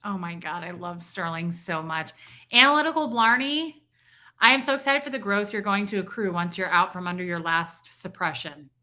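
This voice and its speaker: Young woman streamer, bright clear voice, gushing, reads chat names aloud. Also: fairly low pitch, normal speed. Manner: effusive, thanks viewers by name. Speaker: livestream host. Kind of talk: casual livestream chat reading donations.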